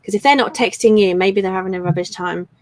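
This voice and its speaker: A woman's voice: mid-range voice, fairly even intonation, fast, poor audio. Chatty rambling woman on a home stream. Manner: chatty and rambling, with frequent ums. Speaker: live stream co-host. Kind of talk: casual chat.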